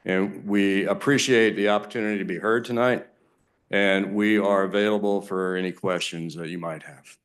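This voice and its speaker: A man speaking for a nonprofit at a government meeting, giving measured closing remarks with a few fillers. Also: low-pitched, steady tone. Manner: measured, with some fillers and restarts. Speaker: nonprofit representative.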